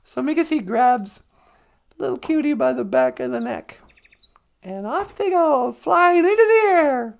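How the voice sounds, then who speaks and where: A woman's voice: high voice, gravelly, darkish tone. A woman telling a humorous folk tale in a loose, chatty live-stream manner, chuckling along. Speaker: storyteller. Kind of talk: casual live-stream storytelling.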